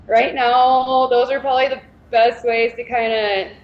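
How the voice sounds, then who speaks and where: A woman's voice: fairly high pitch, a little slow. Laid-back woman on a lo-fi remote line. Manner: relaxed, laughs often, calls her own voice monotone. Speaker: pickleball player and coach, guest. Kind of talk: casual interview chat.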